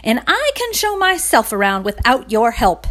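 Woman doing a loud bossy rooster. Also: fairly high pitch, big pitch swings, normal speed. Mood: haughty. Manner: loud, commanding and boastful. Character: vain bossy male rooster.

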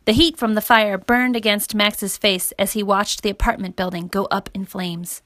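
A woman reading a children's story aloud as narrator, in a steady, clear manner. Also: medium pitch, moderate pace, no room sound.

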